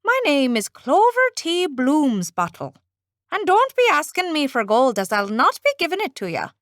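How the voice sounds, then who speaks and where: A woman voicing a tiny male leprechaun with an Irish accent, gruff and cheeky. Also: sits high, wildly swooping pitch, normal speed, fairly bright tone, no echo, studio quality, full character voice. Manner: grumbling, blunt.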